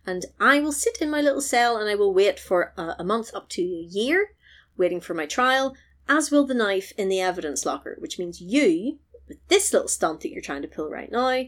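A woman acting out a brash, theatrical man, drawn-out melodramatic pleas. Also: medium pitch, close to an everyday voice. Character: brash showman hero, man, theatrical and cocky.

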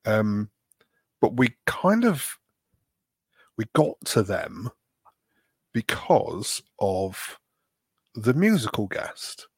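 A man's voice: fairly low pitch, sing-song, drawn-out words, long pauses, slightly rough, no room sound, clean studio sound. A man from England co-hosting a casual podcast chat, rambling and self-deprecating with plenty of fillers. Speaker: podcast co-host.

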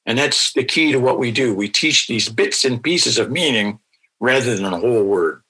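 A man answers interview questions as a language teacher, walking through his points patiently and repeating example words. His voice is bright and forward, with a slightly husky edge. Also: mid-range voice, lively intonation, moderate pace, low-quality recording.

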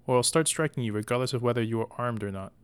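A man's voice: mid-range voice, clean tone, natural voice. A man voicing a confident, good-humored young knight who encourages and teases his brother. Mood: encouraging. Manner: encouraging, smirking, brisk.

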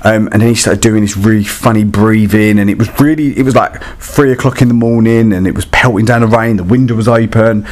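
A man's voice: lowish voice, steady tone, fairly quick, few pauses. A man telling a story in a casual, chatty and dramatic way, with many fillers. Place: static caravan.

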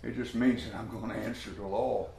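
A man's voice: lowish voice, fairly even intonation, a little fast, vocal fry. A man preaching a folksy, emphatic Bible study sermon, acting out the voices in his stories. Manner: folksy, emphatic, acts out quoted voices loudly. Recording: echoey room with faint ambient noise.

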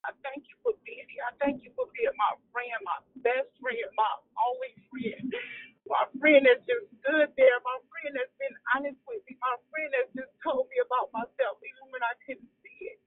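A woman's voice: sits high, very animated, normal speed, no echo. A woman calling in to a prayer call, giving a fervent, tearful testimony and repeating her thanks. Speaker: caller sharing in a prayer call. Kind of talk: emotional testimony. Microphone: phone. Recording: tinny phone line.

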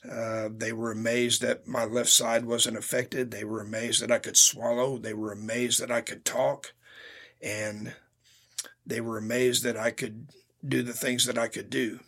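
A man's voice: mid-range voice, level tone, measured pace, fairly bright tone. A man telling his personal faith testimony in an earnest, heartfelt way, speaking directly to his listeners.

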